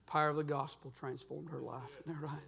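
A man preaching a sermon as pastor in a church, folksy and fervent, peppering his talk with "uh" and rising to shouts. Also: a little high, steady tone, fast talker, vocal fry, big-room sound. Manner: folksy preaching with frequent "uh" fillers. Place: church sanctuary.

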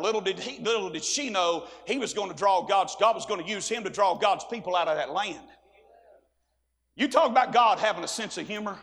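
A man preaches a sermon in a very high voice, folksy and direct. He moves from quiet asides to shouting, and every line rings on in a long church reverb. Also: brisk, gravelly. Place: church sanctuary.

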